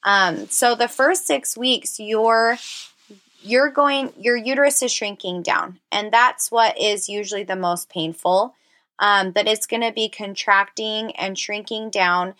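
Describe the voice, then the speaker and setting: A woman's voice: medium pitch, measured pace, sharp tone. Woman podcast host, 30s, chatty and encouraging, heartfelt casual monologue. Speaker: podcast host and personal trainer.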